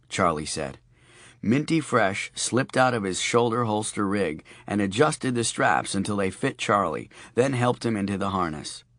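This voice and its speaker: A man's voice: fairly low pitch, animated, moderate pace, no room sound, studio quality. A man narrating a darkly comic novel as an audiobook, in a wry storytelling manner. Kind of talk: scripted narration.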